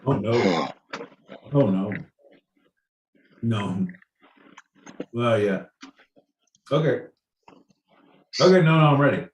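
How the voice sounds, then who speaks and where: A man's voice: medium pitch, lively intonation, takes it slowly, long pauses, recorded from a distance, slight background noise. A man co-hosting a comedy podcast, bantering with mock outrage and lots of swearing. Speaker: podcast co-host. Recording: echoey room, voice from off-mic.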